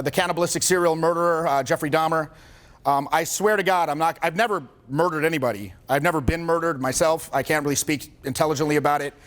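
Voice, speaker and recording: High-voiced joking male coach. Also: fairly bright tone. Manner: casual, joking, swears often, acts out quotes. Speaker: social skills coach. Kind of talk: live seminar talk to a group.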